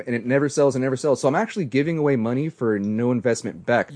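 Fast-talking young man, animated. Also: mid-range voice. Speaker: podcast guest. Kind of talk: casual podcast chat.

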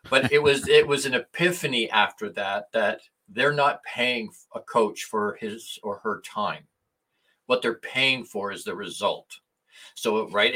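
A man with a lowish, forceful, bright-edged voice. He is a guest coach telling a personal story, switching into the voices of the people in it. His delivery is animated and conversational. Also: low-quality recording. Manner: animated retelling, acting out quoted dialogue. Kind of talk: storytelling in a casual interview.

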